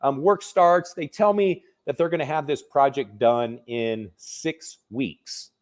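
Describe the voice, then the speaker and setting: Man, mid-pitch, real estate investor, casual storyteller, conversational with fillers. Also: slow. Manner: conversational, restarts and fillers, vivid retelling.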